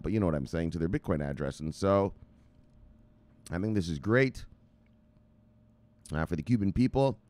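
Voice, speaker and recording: A man's voice: on the low side, darkish tone, no room sound. A man hosting a crypto news show, rambling casually with profanity and hype outbursts.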